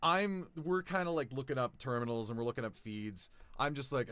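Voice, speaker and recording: Animated male tabletop player. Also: mid-range voice, fairly quick, hardly any pauses, smooth, dry recording. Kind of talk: describing his character's actions in a tabletop game.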